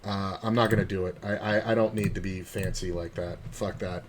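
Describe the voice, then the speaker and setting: Male poker streamer, low voice, rambling and profane, faint hiss and typing behind him. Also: fairly even intonation, fairly quick. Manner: swears freely, rambling, mutters to himself. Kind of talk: casual live-stream commentary and storytelling.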